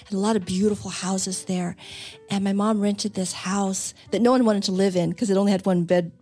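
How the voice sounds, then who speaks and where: A woman in casual conversation, telling animated stories, laughing often and voicing the people in them. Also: mid-range voice, a little fast, breathy edge, faint music behind. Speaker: conversation partner. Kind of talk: casual chat.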